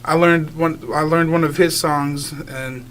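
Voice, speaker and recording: Higher-voiced young man, chatty and rambling. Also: fairly even intonation, unhurried, fairly bright tone, slight background noise. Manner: rambling, many filler likes, laughs easily. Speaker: guest singer. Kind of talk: casual radio interview chat.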